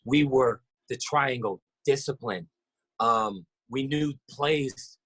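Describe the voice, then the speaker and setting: A man, a basketball coach, telling stories in a casual interview, animated and acting out what others said with sudden jumps in pitch. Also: slow. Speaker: podcast guest, basketball coach.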